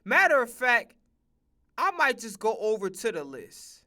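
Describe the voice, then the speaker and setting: Give me a loud, profane male streamer with a very high voice reacting to clips. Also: huge pitch swings, a little slow. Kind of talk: reaction commentary.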